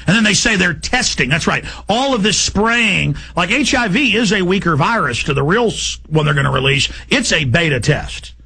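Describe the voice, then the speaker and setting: A gravelly, bright-toned man hosting talk radio, riding a high voice for a man. He rants in a fast, agitated stream that keeps climbing into shouts. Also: expressive. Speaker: radio host. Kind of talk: heated talk radio rant.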